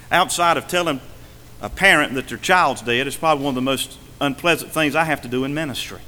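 A male pastor preaching a sermon from the pulpit, swinging between emphatic and hushed delivery. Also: fairly high pitch, long reverb tail. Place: church sanctuary.

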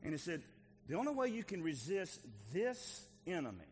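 A male pastor preaching a sermon to his church, moving from quiet teaching to shouted exhortation. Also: high-pitched, very animated, normal speed, big-room sound, slight background noise.

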